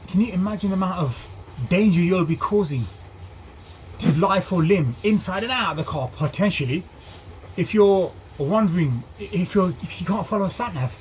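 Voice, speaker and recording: A man, a driving instructor telling a story in a lively way, full of ums and acted-out voices. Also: sits high, moderate pace, a little hiss or hum. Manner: animated, acts out voices, many ums. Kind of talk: casual storytelling.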